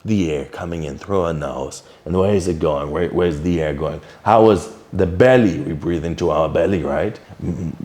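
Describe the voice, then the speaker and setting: Lively man coaching meditation. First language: German. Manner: earnest, coaching tone with frequent "all right?" check-ins; drops low and soft while guiding the breathing. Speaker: self-improvement vlogger. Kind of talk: talking to camera, teaching meditation.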